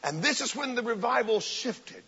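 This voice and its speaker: A fervent man preaching at a high, husky pitch, his voice leaping up and down with emphatic bursts. The sound is dull and lo-fi, and a long hall reverb trails each phrase. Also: animated, moderate pace, pushed and bright. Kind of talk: sermon.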